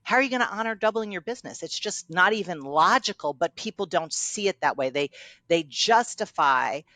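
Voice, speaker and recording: A woman's voice: on the low side, lively intonation, a little fast, sharp tone, no echo. A middle-aged woman coach in a casual conversation, telling stories and acting out quoted lines with animation. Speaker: guest coach.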